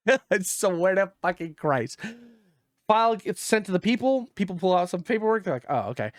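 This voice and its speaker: A man co-hosting a gaming podcast, telling a story in casual chat, exasperated and profane, dropping low when he quotes others. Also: big pitch swings, normal speed, no room sound, studio quality.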